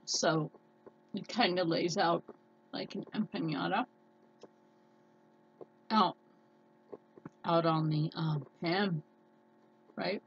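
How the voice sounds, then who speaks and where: A woman's voice: on the low side, steady tone, slow, long pauses, lo-fi sound. A woman chatting casually in a cooking vlog, her voice a little scratchy and nasal, rambling with lots of fillers. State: scratchy, slightly hoarse voice. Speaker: cooking vlogger.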